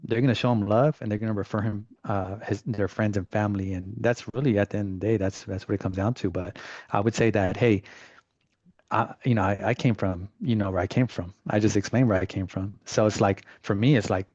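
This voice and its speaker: A man working as a real estate agent from Southern California tells stories in a casual, animated interview with relaxed slang. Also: lowish voice, fairly quick, dry recording. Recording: slightly dull, dry recording.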